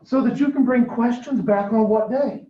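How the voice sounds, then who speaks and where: Male math teacher, higher voice, questioning and coaxing, heard from across an echoey room. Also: moderate pace. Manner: questioning, coaxing students for answers. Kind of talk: classroom lesson. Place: classroom. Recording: echoey, distant, dull classroom recording.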